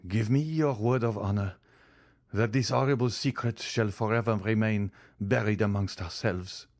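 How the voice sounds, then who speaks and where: A shaken middle-aged prosecutor speaks in a hoarse, hushed, entreating tone, voiced by a man reading aloud. The voice sits low and the sound is close and dry. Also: moderate pace, no echo, close to an everyday voice. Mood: grave entreaty.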